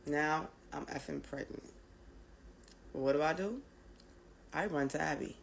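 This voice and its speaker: Woman with a low, slow delivery, candid storytime narrator, emphatic with rhetorical questions. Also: gravelly, slight background noise, low-quality recording. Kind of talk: personal storytime to camera.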